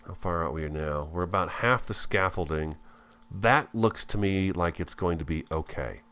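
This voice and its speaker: A man's voice: low-pitched, normal speed, fairly bright tone, clear, resonant tone. A man giving casual, folksy commentary while building in a game, chatting to his viewers like friends. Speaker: let's-play host.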